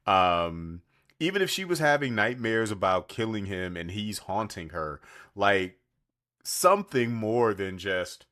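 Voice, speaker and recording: The speaker is a man co-hosting a podcast, his voice on the low side and unhurried as he talks through a TV show. Quotes get acted out in animated voices he breaks into.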